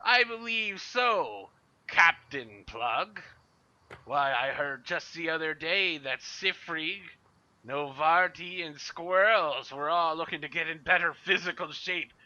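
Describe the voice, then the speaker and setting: A man's voice: fairly high pitch, slow pace, pushed and bright, voice pushed up, full character voice. A man voicing a swaggering pirate bosun with a growling brogue, in a muffled lo-fi recording. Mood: mocking.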